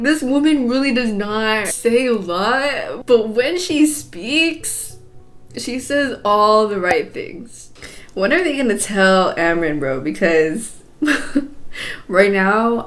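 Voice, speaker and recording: A young adult woman giving animated live reactions in a book-reading vlog, exclaiming, laughing and sighing often. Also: mid-range voice. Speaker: book vlogger.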